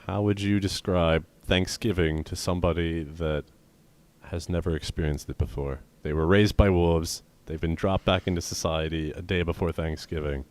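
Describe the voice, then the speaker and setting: A young man co-hosting a comedy podcast, rambling in deadpan, crude banter. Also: low-pitched, moderate pace. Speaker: podcast co-host.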